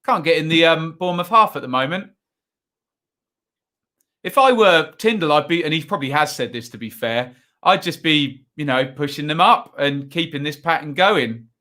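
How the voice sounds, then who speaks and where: A man with a bright, forceful, slightly high voice hosts a live football watchalong. He talks through the match in a chatty, rambling way, tossing in asides and tag questions as the play unfolds. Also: expressive, moderate pace. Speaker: watchalong host.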